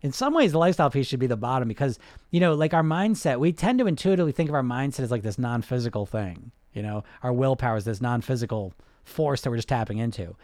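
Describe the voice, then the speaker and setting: A man talks straight to his viewers as a weight-loss coach, quick and animated, piling up fillers and restarts. His voice sits at an ordinary middle pitch. The sound is dry and close, with no room around it. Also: no room sound. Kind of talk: casual direct-to-camera talk.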